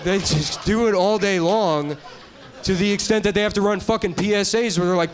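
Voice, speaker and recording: A middle-aged man doing stand-up, rambling in a deadpan way and trailing off into mumbles. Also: high-pitched, brisk, some chatter behind. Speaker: comedian. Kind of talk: stand-up comedy bit.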